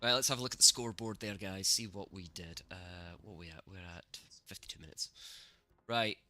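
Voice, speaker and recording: A man streaming gameplay, reacting excitably to the match and talking to his chat, cursing at the game. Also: sits low, a little fast. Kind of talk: live gameplay commentary.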